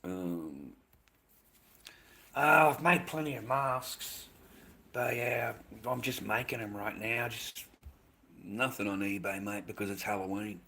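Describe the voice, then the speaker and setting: A man's voice: lowish voice, slow, long pauses, sharp tone. An Australian man livestreaming, rambling in casual chat, swearing constantly and ending his lines with "mate".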